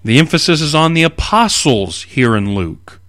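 A man preaching an expository sermon, reading scripture aloud and explaining it with animated emphasis. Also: a little high, moderate pace, dry recording.

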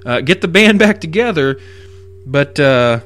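A man's voice: a little high, expressive, measured pace, a bit bright, soft background music. Man doing a pushy, impatient ancient king. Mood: coaxing. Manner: casual modern talk, coaxing and pushy.

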